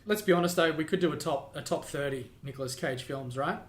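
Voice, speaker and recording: Man, fairly high voice, easygoing banter, podcast co-host, roomy echo. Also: fast talker. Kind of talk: casual comedic banter.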